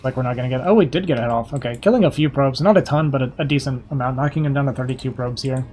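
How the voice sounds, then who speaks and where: Man, young adult, slightly hoarse, casual live esports commentary, mid pitch, faint background music. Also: darkish tone. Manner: quick, casual, thinking aloud over the match. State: slightly hoarse, losing his voice. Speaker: game commentator.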